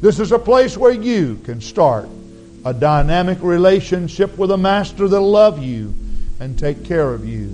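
A man preaching an altar call, his raspy voice earnestly pleading with the congregation to come forward. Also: sits high, big pitch swings, measured pace, mellow, faint music behind, low-quality recording. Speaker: pastor. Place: church sanctuary.

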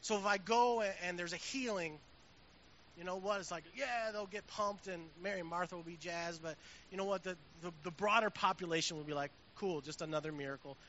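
A man's voice: high-pitched, fairly quick, fairly bright tone. God as a laid-back guy, as a preacher puts him on. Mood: breezy. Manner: breezy, offhand paraphrase. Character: God as a laid-back, casual-talking man. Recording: dull with faint hiss.

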